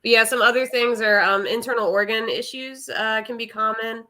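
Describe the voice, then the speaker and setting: Female shelter staffer, bright and forward tone, friendly explainer on a casual podcast. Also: a little high, fairly even intonation, moderate pace, low-quality recording. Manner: friendly, explains pet care tips with easy laughs. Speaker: animal shelter staff member. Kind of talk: informative podcast chat.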